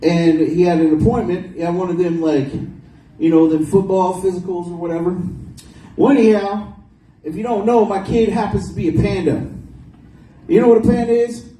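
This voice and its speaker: A man's voice: high-pitched, fairly even intonation, normal speed, warm tone, roomy sound, recorded from a distance, rough recording. A man doing a crude, rambling stand-up set at a small bar open mic. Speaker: stand-up comedian. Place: small bar comedy stage.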